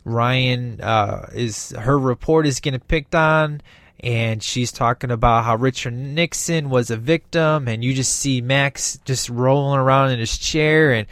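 A man giving a casual, rambling movie review, excited and acting out bits of scenes in quick voices. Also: mid-range voice, no room sound, studio quality.

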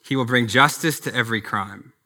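A man's voice: mid-range voice, brisk, sharp tone. A man preaching a sermon as a pastor, earnest and conversational, with personal asides.

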